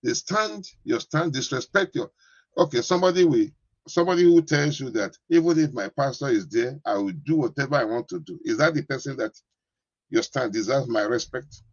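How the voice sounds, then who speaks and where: Pastor preaching, husky and repetitive. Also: male voice, medium pitch, lively intonation, a little fast, no room sound, highs cut off. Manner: repetitive, keeps asking "you understand?". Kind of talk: sermon.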